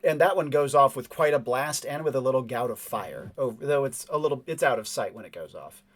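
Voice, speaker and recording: A man's voice: mid-range voice, animated, brisk. A man narrating as game master of a tabletop game, describing scenes casually with fillers.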